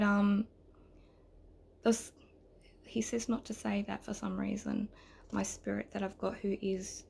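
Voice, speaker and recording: A woman giving a tarot reading, delivering a rambling, emotional spirit message, close to tears and often slipping into whispers. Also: mid-range voice. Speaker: tarot reader. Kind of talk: spoken channeled message.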